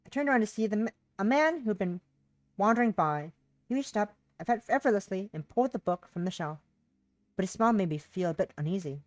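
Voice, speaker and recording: A young woman streamer reads a visual novel aloud, voicing both narration and dialogue, then breaks off to chat with her viewers. Her medium-pitched voice is animated and brisk. The close mic sounds dry, with faint music playing behind her.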